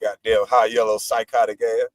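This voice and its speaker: A man's voice: on the low side, little pitch movement, normal speed, dry recording. A middle-aged man hosting a livestream, ranting boastfully and profanely at his critics. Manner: boastful, profane, trash-talking. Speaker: livestream host. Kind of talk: brash livestream rant.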